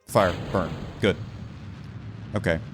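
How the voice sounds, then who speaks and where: A man giving casual let's-play commentary, excitable and talking himself through each move of a game. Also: low-pitched, slow, over music. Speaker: gaming video host.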